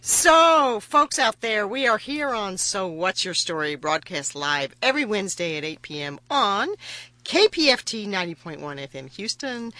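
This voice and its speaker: Bright, lively woman hosting live radio. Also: medium pitch, dry recording. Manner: lively, teasing, laughs easily. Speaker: radio show host. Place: radio studio.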